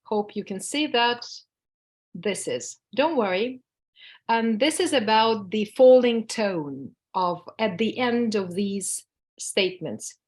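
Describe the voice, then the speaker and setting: A woman's voice: mid-range voice, animated, slow pace. A woman with a Russian accent, a native Russian speaker, teaching a workshop on public speaking, speaking hesitantly with frequent fillers and restarts. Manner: demonstrates tongue twisters with exaggerated falling tones. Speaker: workshop instructor. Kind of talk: lecture to a workshop audience.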